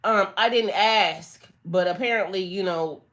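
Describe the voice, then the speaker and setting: A woman's voice: mid-range voice, unhurried, fairly bright tone. A woman talks straight to her viewers during a spiritual reading. She is blunt and sassy, swears freely and hammers her points home with emphasis. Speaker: spiritual tarot reader. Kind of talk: casual livestream reading.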